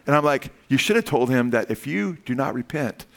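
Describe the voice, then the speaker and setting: An older man delivers a sermon as pastor. His preaching is emphatic and punctuated by a questioning "Amen?". When he pleads, his voice climbs in pitch and force. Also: animated, fairly quick, vocal fry, fairly bright tone.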